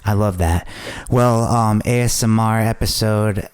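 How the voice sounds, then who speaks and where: Softly slowed young man co-host. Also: lowish voice, steady tone, clear, resonant tone, no room sound. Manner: deliberately slow, hushed delivery. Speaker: podcast co-host. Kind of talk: casual chat. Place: house with a sleeping baby.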